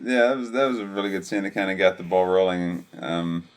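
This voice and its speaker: A man co-hosting a podcast, recalling movie scenes in a relaxed way with frequent ums. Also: deep voice, fairly quick, slight background noise. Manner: easygoing, lots of ums and uhs. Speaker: podcast co-host. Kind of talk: casual chat about movies.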